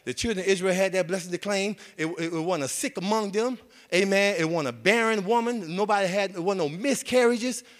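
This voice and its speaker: A man's voice: sits high, fairly quick, a bit bright. A man preaching a sermon in a folksy, repetitive way, with many amens and restarts. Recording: long hall reverb.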